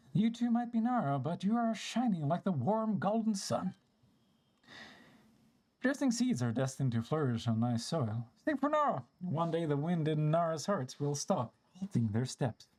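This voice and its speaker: A streamer voicing an ancient, wistful little forest spirit from a game, with a slow storybook lilt. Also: medium pitch, sing-song, a little mellow. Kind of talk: reading game dialogue aloud.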